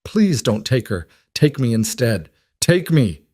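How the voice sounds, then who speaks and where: A man's voice: medium pitch, big pitch swings, slow pace, darkish tone, no room sound, clean studio sound. A man doing a tearful pleading mother. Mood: desperate screaming. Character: young mother pleading for her daughter.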